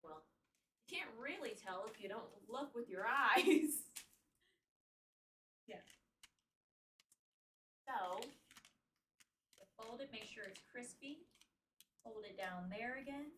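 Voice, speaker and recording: A woman's voice: on the high side, expressive, takes it slowly, pauses often, a bit bright, far from the mic, a little hiss or hum. A woman streaming as she wraps gifts, chatting casually, cursing now and then and slipping into a playful put-on accent. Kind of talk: casual live-stream chat while wrapping gifts. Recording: roomy echo, speaking away from the mic.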